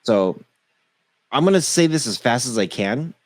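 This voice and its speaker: A man's voice: mid-range voice, lively intonation. Man rattling off a game list. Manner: rushes through a long list, stumbling on names. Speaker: podcast co-host. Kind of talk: casual tech podcast chat.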